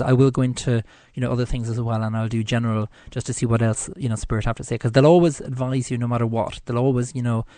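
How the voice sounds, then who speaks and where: A man's voice: medium pitch, warm tone, dry recording. A man with an Irish accent hosting his own psychic show, chatting in a rambling way with lots of fillers. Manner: chatty, rambling, many "you know" fillers. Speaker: psychic radio show host. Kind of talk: casual solo show chat.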